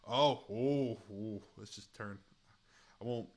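A man's voice: on the low side, takes it slowly. A man streaming a chat game, commenting casually, laughing often and swearing freely, and sounding short on sleep.

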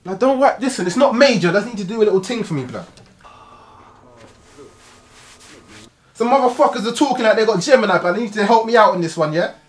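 An actor with a London accent playing a hot-headed young gangster who swears and pushes hard. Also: male voice, high-pitched, animated, rapid-fire. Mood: pressing. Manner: aggressive, swearing, pushy. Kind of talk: gritty film acting.

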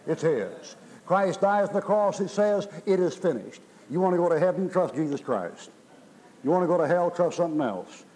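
A man's voice: on the high side, animated, moderate pace, a little mellow, low-quality recording. A middle-aged man preaching a sermon in a folksy, emphatic way, his voice rising in bursts. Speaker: pastor.

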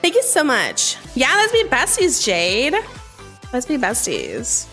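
A woman streaming a game live, chatting with viewers in a bubbly, excitable way and breaking into sudden squeals. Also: high voice, slow pace. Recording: faint game music behind.

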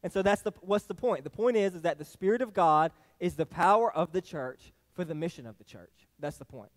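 A man's voice: high-pitched, expressive, a little fast, long reverb tail. A male pastor with a Southern US accent preaching a folksy sermon, often restarting phrases and asking "all right?". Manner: folksy, many restarts and tag questions. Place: church sanctuary.

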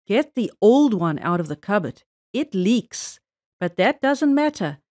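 A woman's voice: mid-range voice, very animated, measured pace, darkish tone, dry recording, clean studio sound. A woman voicing a stingy, bargain-loving housewife who talks in a fussy, scolding way in a children's storybook reading. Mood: scheming.

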